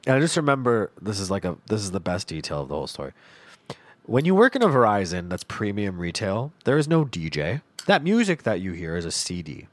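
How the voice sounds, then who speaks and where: Animated, profane male storyteller. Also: low-pitched, no room sound. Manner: animated, profane, laughs through his story. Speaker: podcast host. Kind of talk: comedic storytelling monologue.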